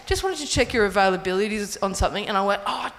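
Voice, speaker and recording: A woman's voice: medium pitch, expressive, racing, fairly bright tone, long reverb tail. An Australian woman comedian telling a story in casual chat on a live show, laughing often. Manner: laughs often, tells a story acting out her own reactions. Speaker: comedian and podcast co-host. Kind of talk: casual comic chat before a live audience.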